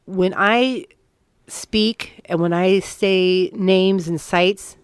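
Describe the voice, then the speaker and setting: A woman's voice: fairly low pitch, steady tone, very slow, smooth, no room sound, studio quality. A woman co-hosting a ghost story podcast, telling a haunting tale in a casual, earnest way. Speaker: podcast co-host.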